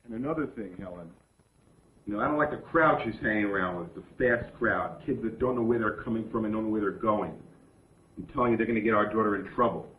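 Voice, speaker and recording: A man's voice: on the low side, fast, close to an everyday voice. An actor as a domineering stern father. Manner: domineering, blunt. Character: stern controlling father and husband. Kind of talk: 1970s film acting. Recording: far echoey lo-fi film audio with hiss.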